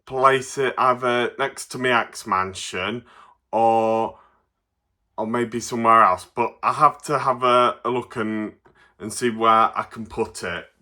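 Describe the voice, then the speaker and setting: Derbyshire man with a bright, forward voice, casual and giggly, unboxing toys on camera. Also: mid-range voice. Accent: Derbyshire English. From Derbyshire, England. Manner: chatty, chuckles often, halting with fillers. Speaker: toy reviewer.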